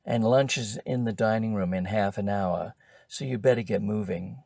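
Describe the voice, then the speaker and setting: A man voicing a brisk, bossy female course leader in a storybook reading, curt and scolding. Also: on the low side, creaky, darkish tone, no echo, studio quality.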